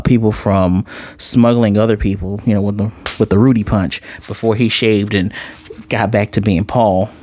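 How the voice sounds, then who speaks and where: A man's voice: lowish voice, darkish tone, no echo. A man giving a heartfelt, conversational review of an anime episode, swearing casually as he talks.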